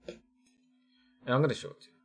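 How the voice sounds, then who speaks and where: A man's voice: moderate pace, fairly bright tone. A man vlogger giving casual, rambling commentary with many restarts and fillers.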